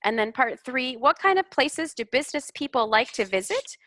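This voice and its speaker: A woman coaching a student's English over a video call, patient and encouraging. Her voice is bright and clear, recorded dry and close with no room sound. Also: high voice, animated, moderate pace, dry recording. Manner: encouraging, explains corrections patiently. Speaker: English speaking tutor. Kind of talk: online tutoring feedback.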